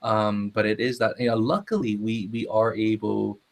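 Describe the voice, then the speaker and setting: Gravelly man speaking in a relaxed way. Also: lowish voice, normal speed. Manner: relaxed, hesitant, many fillers. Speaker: ukulele teacher. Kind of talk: casual panel chat.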